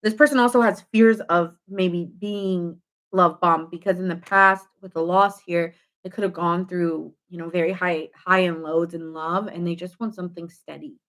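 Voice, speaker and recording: A woman giving a casual tarot reading, chatty and animated, full of fillers, acting out little quoted reactions. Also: on the low side, normal speed. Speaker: tarot reader.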